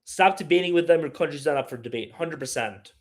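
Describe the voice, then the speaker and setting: A man's voice: a little high, fast talker. A man hosting a casual live stream, rambling and opinionated as he reads chat aloud and answers it. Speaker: livestream host.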